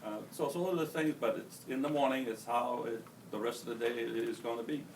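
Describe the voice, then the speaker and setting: A man's voice: medium pitch, steady tone, fast talker. Plain-spoken man on a distant panel mic. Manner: plain, folksy, many uh fillers. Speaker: panelist, spouse of a brain injury survivor. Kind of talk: panel discussion. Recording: distant mic, faint room noise.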